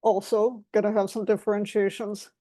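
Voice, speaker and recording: A woman's voice: medium pitch, flat delivery, moderate pace, warm tone, dry recording. A woman giving an explanatory talk as a guest speaker, defining terms one by one in a methodical way.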